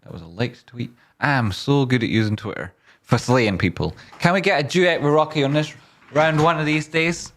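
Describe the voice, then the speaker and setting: Hosting a casual live stream, a man with a medium-pitched voice and moderate pace jokes and teases while reading viewer comments aloud. He also hypes up a guess-the-tune game.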